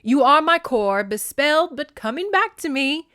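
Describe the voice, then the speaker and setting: A woman putting on a shrill, smothering goddess mother. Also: lively intonation, moderate pace. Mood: demanding. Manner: loud, smothering, overbearing.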